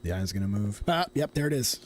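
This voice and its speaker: A man's voice: on the low side, lively intonation, fast, noisy background. A young man from Tennessee streaming a horror game, chatting casually and thinking aloud in a rambling, self-correcting way. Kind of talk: casual live gameplay commentary.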